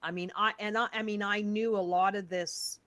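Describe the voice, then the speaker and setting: A woman hosting an interview, reacting briefly and speaking haltingly, with many false starts. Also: medium pitch, steady tone, fairly bright tone, no room sound. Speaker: host.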